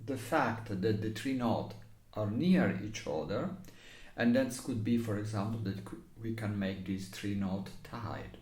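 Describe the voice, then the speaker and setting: A man's voice: fairly low pitch, expressive, measured pace, darkish tone. A man with an Italian accent and non-native English teaching how to phrase a recorder piece, hesitating at times and singing passages on syllables. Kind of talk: music lesson explanation. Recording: echoey room.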